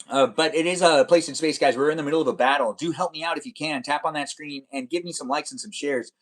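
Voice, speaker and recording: A man's voice: fairly high pitch, fast, poor audio. A man live streaming, chatting casually and reading out viewer comments in a rambling, repetitive way.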